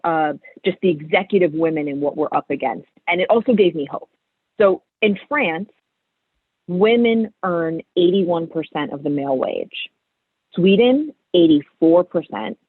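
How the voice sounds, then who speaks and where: Woman in her 30s, open and animated guest, heard over a thin phone-like call line with no room sound. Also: fairly low pitch, slightly rough, no room sound. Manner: candid, animated storytelling. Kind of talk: casual interview chat. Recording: tinny phone-like line, dry.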